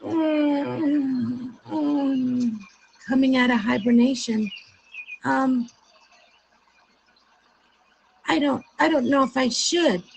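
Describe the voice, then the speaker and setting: A woman's voice: high-pitched, slow pace, gravelly, slight background noise, pitched above the performer's own voice, heavily acted, poor audio. A woman voicing a shy young male duckling who is ashamed of his looks, speaking timidly and hesitantly.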